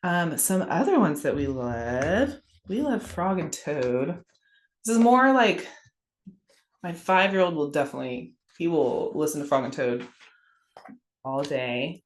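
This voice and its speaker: Low-voiced chatty woman in echoey room. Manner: chatty, warm storytelling, laughs often. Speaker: guest. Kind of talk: casual podcast chat about children's books.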